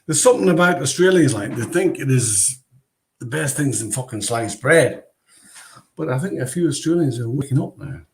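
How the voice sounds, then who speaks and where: A man's voice: medium pitch, lively intonation, normal speed, gravelly, a little hiss or hum. Profane ranting man. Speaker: livestream host. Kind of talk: casual chat. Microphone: video call.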